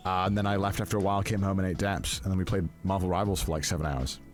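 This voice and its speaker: A man telling a story casually, excitable and self-mocking, with lots of fillers. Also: sits low, rapid-fire, soft background music. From Wales.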